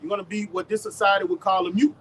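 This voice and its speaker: A man with a Southern US accent preaching outdoors on a street, forceful and emphatic, often repeating his words. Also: sits high, level tone, very fast, slight background noise, low-quality recording.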